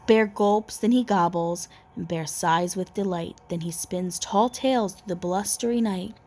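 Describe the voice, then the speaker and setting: Slow expressive woman reading a picture book. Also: fairly low pitch. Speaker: children's book reader.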